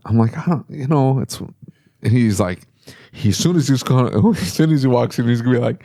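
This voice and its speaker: A man, a podcast host who owns a repair shop, talking casually and telling animated stories with laughs. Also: fairly quick. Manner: animated storytelling with laughs, sudden high pitch for quoted voices.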